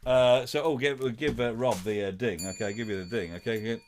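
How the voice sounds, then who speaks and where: A man hosting a live-streamed quiz, chatting in a halting way with lots of filler sounds and reading out viewers' guesses playfully. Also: medium pitch, fairly even intonation, very noisy. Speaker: host of a live-streamed show.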